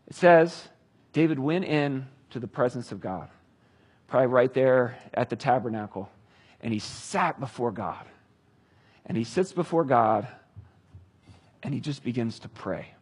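A man's voice: medium pitch, husky. A man preaching a sermon in a conversational style, reading scripture with dramatic emphasis. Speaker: pastor.

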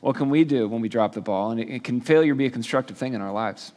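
A man's voice: mid-range voice, fast talker, a little mellow, long reverb tail. A male pastor teaching a sermon in a casual, storytelling way with playful asides. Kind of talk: sermon, conversational Bible teaching.

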